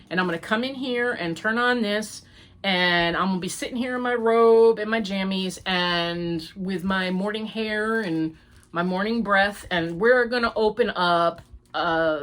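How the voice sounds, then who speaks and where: A woman's voice: medium pitch, fairly bright tone. An older American woman, rambling chattily as she hosts a crafting podcast. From United States. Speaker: podcast host. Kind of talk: casual chat.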